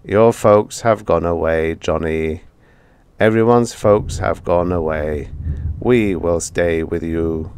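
A man voicing a calm robot guardian in a storybook reading, speaking slowly, gently and evenly. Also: low voice, clean tone. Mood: gentle. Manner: slow, gentle and even.

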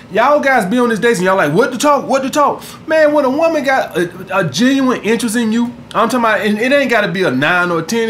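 Brief: fairly high-pitched man, coach ranting to camera, crude and blunt, soft hum in the background. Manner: blunt and profane, keeps asking "all right?". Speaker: dating coach. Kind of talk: casual vlog monologue.

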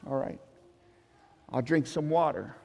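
A man's voice: mid-range voice, measured pace, creaky, mellow, long reverb tail, voice pushed down. A preacher putting on a frail, muttering old woman. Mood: weary. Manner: broken short phrases. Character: confused frail elderly woman, stubborn then yielding.

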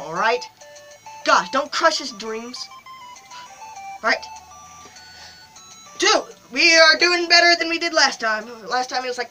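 A young-sounding woman gives chatty commentary on a mobile game, with a bright, crisp tone. She gets worked up fast and shouts encouragement at her character. She is recorded on a phone, with faint game music in the background. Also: a little high, poor audio. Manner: excitable, cheers the game character on loudly. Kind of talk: casual gameplay commentary.

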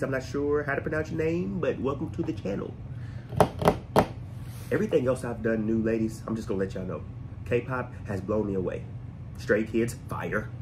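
A man's voice: medium pitch, moderate pace, long pauses, background noise. A man hosting a music reaction channel, joking and talking straight to his viewers in a casual, playful way.

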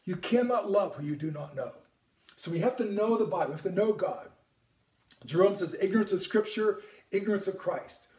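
Earnest priest in an echoey room. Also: male voice, high voice, lively intonation, normal speed, dark tone, distant mic. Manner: earnest, repeats words, drops to near-whisper at times. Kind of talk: teaching on prayer.

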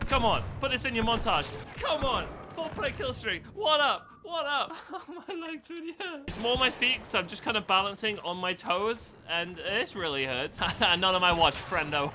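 A man giving casual, excitable commentary over his own gameplay, swearing and yelling at the game. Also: sits high. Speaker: gaming video host.

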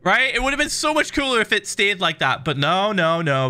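A man's voice: fairly high pitch, sing-song, fairly quick, hardly any pauses, bright, forceful tone. A man streaming a game, ranting animatedly and swearing a lot in an exasperated, casual way. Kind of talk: casual gaming stream chat.

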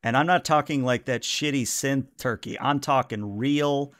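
A man narrating a tabletop role-playing game as game master, relaxed and filling pauses with "uh". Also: medium pitch, dry recording. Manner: relaxed narration with many "uh" fillers.

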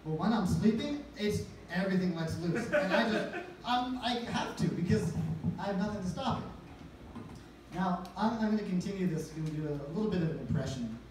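A man's voice: high voice, lively intonation, moderate pace, darkish tone. A young man doing a stand-up comedy set, with a hesitant, awkward delivery full of restarts. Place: comedy venue. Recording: echoey venue from far off, noisy.

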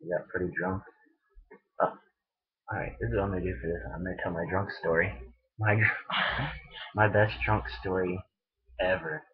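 Husky, profane young man. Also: low-pitched, normal speed, long pauses. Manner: rambling, profane, laughing a lot. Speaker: vlogger. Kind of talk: casual storytelling vlog. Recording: dull lo-fi webcam recording.

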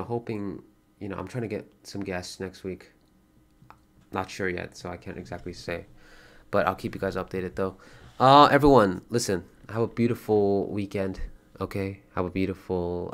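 A deep-voiced man talks casually on his livestream, offering thanks to viewers and donors, swearing liberally, and flaring up with excitement now and then.

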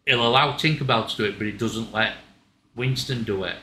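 Blunt man, sharp bright voice. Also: medium pitch, a little fast. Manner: blunt, stammering restarts, swears. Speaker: co-host. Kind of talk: casual chat. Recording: echoey room, faint ambient noise.

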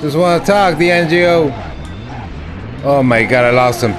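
A man streaming a retro driving game, excitably talking to the game and getting frustrated as he plays. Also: on the high side, normal speed, music in the background. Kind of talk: live gameplay commentary. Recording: noisy with game car sounds.

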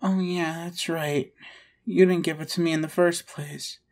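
A woman's voice: fairly low pitch, steady tone, measured pace, darkish tone. A woman performing a scripted audio role-play, talking in a pouty, whiny, protesting way.

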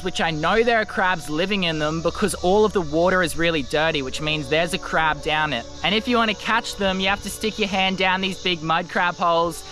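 Young Australian man, high bright voice, energetic adventure vlogger, recorded outdoors on a camera mic, faint music underneath. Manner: energetic, excitable, says mate often. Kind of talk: outdoor vlog narration. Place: outdoors in muddy mangroves.

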